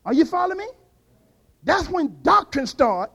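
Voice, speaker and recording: An older man preaching a fervent sermon, dropping to quiet asides and rising to shouted peaks. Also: very high-pitched, sing-song, moderate pace, vocal fry, pauses often, rough recording.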